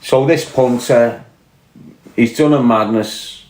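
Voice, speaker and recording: A man's voice: mid-range voice, slow, darkish tone, reverberant. A man with a Scouse accent from Liverpool, ranting bluntly and answering viewers on a casual livestream. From Liverpool, England. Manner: blunt, combative, swearing, reading and answering chat. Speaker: livestream host.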